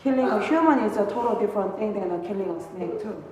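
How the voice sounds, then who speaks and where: A woman's voice: medium pitch, fast talker, dark tone, slight background noise. A woman student asking the teacher a question, hesitant and full of fillers. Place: meditation hall. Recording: distant, echoey room mic.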